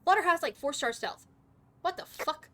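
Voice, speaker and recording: A woman streaming a game live, chatty and excitable, swearing often and talking to her chat. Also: sits high, moderate pace. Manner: excitable reactions, sudden outbursts. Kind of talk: live gaming commentary.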